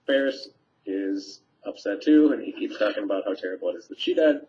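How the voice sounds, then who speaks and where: A teacher talks students through a play scene in a relaxed, conversational way. His man's voice sits on the low side. The recording is dull and lo-fi, as from a webcam microphone. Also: a little fast. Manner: conversational, paraphrasing lines with fillers. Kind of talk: casual scene summary for students. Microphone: webcam mic.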